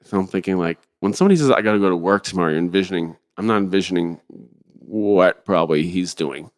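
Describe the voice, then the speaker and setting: Middle-aged male guest, low voice, lively rambling storyteller, casual and profane. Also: quick pace. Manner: rambling, animated, swears freely. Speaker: podcast guest, drummer.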